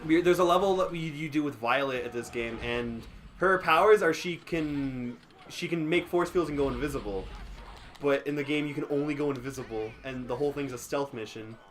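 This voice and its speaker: A man's voice: on the high side, a little fast, fairly bright tone, slight background noise. A young man chatting casually while playing a video game, rambling and self-mocking. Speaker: let's play host. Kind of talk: casual gaming chat.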